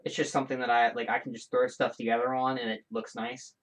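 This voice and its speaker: A man hosting his own show in a casual, rambling solo chat, animated and full of restarts and side comments. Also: medium pitch, quick pace. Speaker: show host.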